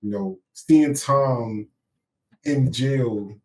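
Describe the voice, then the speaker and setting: A man's voice: mid-range voice, very slow, darkish tone. A man co-hosting a podcast in a casual discussion, searching for words with many fillers. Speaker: podcast co-host. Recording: voice a bit far from the mic.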